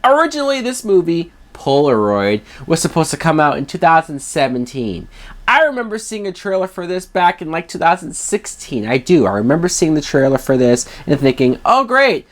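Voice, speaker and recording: A man's voice: a little high, sing-song, fairly quick. A man reviewing a film in a scornful, emphatic rant, swearing freely.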